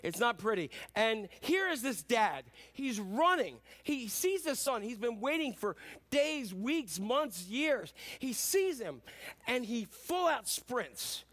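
A man's voice: extremely high pitch, very animated, takes it slowly, fairly bright tone. A man in his fifties preaching a sermon, joking at his own expense in a folksy, rambling way. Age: 50s. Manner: self-deprecating, folksy storytelling with many fillers. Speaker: pastor.

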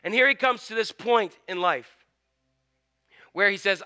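Male pastor, high clear voice, animated sermon storytelling. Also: measured pace. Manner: animated storytelling, acts out scenes.

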